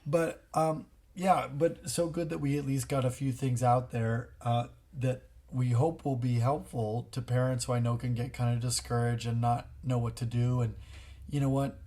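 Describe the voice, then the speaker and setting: Earnest dad explaining parenting tips. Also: male voice, mid-range voice, steady tone, moderate pace, dark tone. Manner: earnest, explanatory, acts out short quotes. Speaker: podcast co-host, father. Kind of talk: casual advice chat.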